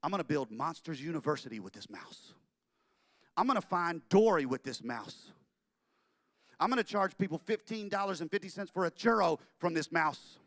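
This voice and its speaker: A man playing an overexcited young male cartoonist who pitches his idea in a high, shouting, pleading voice. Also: lively intonation, normal speed, no room sound, clean studio sound. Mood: excited. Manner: shouting, breathless, over-the-top pleading.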